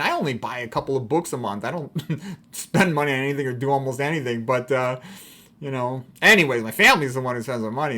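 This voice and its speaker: Fast-talking, wry middle-aged man. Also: medium pitch, a bit bright. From Chicago. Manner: rambling, wry and frank. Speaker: doctor. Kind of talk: casual personal monologue.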